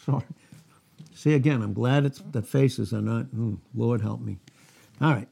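A man's voice: medium pitch, unhurried, vocal fry, mellow, husky. A man preaching a verse-by-verse sermon, reading scripture aloud and breaking off into asides and rhetorical questions. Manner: reads scripture aloud in King James phrasing. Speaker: pastor. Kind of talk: expository sermon.

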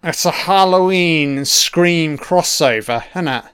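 Guy swearing his way through a movie commentary, slow and clear. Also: on the high side, a bit bright, no echo, clean studio sound. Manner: swears constantly, blunt and opinionated. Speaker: film commentator. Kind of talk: casual audio film commentary.

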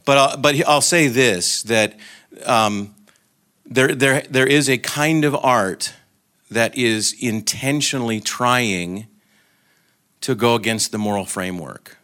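A man's voice: medium pitch, slow pace, sharp tone, clear, resonant tone. A man giving an informal talk to a group, telling anecdotes and joking, with frequent restarts. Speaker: guest speaker.

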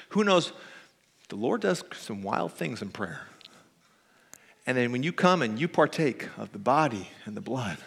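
A man's voice: medium pitch, gravelly, a bit bright, husky. A male pastor giving a conversational sermon that builds to emphatic preaching, often tagging "right?". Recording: reverberant church hall.

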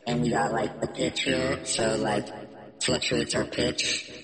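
A man's voice: mid-range voice, level tone, slow, echoey room, big-room sound, over a noisy crowd. A man hosting a podcast over a video call, chatting loosely with plenty of fillers. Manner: loose, rambling, lots of fillers. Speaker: podcast host. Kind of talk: casual chat.

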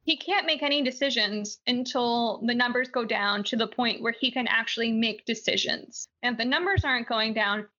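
A young woman with a faint Southern accent chats through the week's news as a podcast co-host. Her voice sits a little high and sounds bright and forceful, opinionated and quick to laugh. The audio is dull and lo-fi. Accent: slight Southern. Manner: chatty, laughs often, opinionated. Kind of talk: casual news chat.

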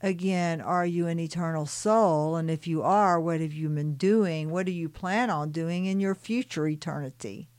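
A woman reading a channeled spiritual story aloud and adding her own reflective, soft-spoken commentary with light laughs. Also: on the low side, moderate pace, hardly any pauses, smooth, no echo.

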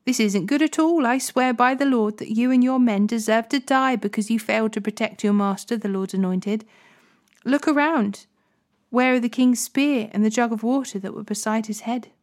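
A woman's voice: on the high side, steady tone, normal speed, a little mellow, lightly acted. A woman reading as young warrior David. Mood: taunting. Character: young male warrior David, pleading and defiant.

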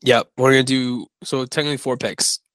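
A man's voice: medium pitch, steady tone, a little fast, a bit bright, no echo, poor audio. A man co-hosting a casual podcast, rambling and correcting himself as he talks through his picks. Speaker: podcast co-host. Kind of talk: casual sports-betting chat.

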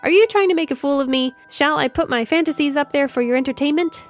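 A woman's voice: sits high, expressive, normal speed, a bit bright, soft background music, voice pushed up. Woman doing a blunt sarcastic spaceship crewman guy from a read-aloud story. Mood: angry. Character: blunt, guarded young male ship crewman.

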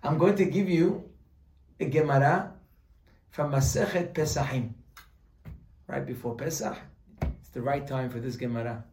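A man's voice: mid-range voice, steady tone, normal speed, long pauses, darkish tone, a little hiss or hum. A man teaching a religious class, telling a story with humorous asides and explaining Hebrew terms as he goes. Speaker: Torah teacher. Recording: roomy echo, voice from a distance.

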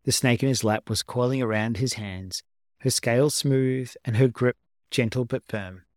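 A man narrates a story as an amateur audiobook reader. His delivery is steady and unhurried at a middling pitch. The recording is dry and close. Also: no echo.

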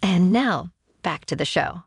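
A woman hosts a podcast in a low, slightly husky voice that moves lively through her range. She reads scripted news and signs off in an upbeat, chatty way. The sound is close and dry, with faint music under it. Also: measured pace, no echo. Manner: upbeat, chatty sign-offs. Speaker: podcast host.

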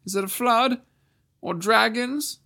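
A man voicing a gloomy, lanky male marsh creature who calls out high, anxious questions, as he reads from a storybook. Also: slow, creaky, sharp tone, exaggerated voice.

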